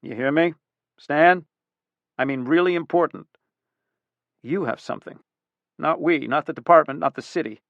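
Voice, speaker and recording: A man's voice: fairly high pitch, moderate pace, vocal fry, long pauses, no echo, narrow, tinny audio. A man voicing an anxious police commissioner who presses hard with a wailing tone.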